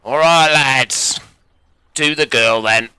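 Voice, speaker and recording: A game master voicing a gruff, threatening male kidnapper during a tabletop game. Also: medium pitch, slow, bright, forceful tone, no room sound. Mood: menacing. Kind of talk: tabletop game role-play.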